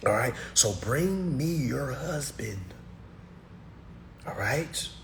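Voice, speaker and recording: A man's voice: mid-range voice, animated, slow pace, fairly bright tone, a little hiss or hum. Blunt, preachy man on a livestream. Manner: preachy, blunt, keeps checking in with "all right?" and "okay?"; emphatic and repetitive, hammering single words. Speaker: livestream host answering viewer comments. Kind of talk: casual livestream monologue.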